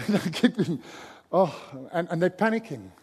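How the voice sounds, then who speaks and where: A middle-aged man preaching a sermon, telling a story with animated energy and shouting in its excited stretches. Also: high voice, moderate pace, slightly rough. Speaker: pastor. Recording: long hall reverb.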